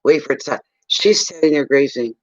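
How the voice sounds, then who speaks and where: Brief: man from eastern Canada, rambling animated storyteller, dry and slightly muffled recording. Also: on the high side, moderate pace, no echo. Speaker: psychic reader telling a story. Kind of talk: casual storytelling on a livestream.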